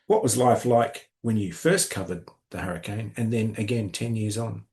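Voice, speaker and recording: Man, interviewer, low-pitched, measured questions. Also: darkish tone.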